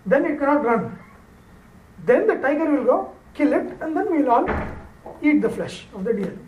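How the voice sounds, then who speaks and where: High voiced guy telling a fable to a class, chatty and loose, sounds far from the mic. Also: big pitch swings, moderate pace, highs cut off, a little hiss or hum. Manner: conversational, loose, with frequent fillers. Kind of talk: informal storytelling lecture. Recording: roomy echo, off-mic, faint ambience.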